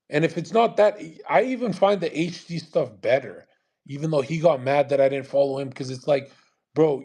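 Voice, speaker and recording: A man's voice: on the high side, darkish tone. A man ranting in a live audio chat, profane and aggressive, scornful, hammering the same point again and again. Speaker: online streamer.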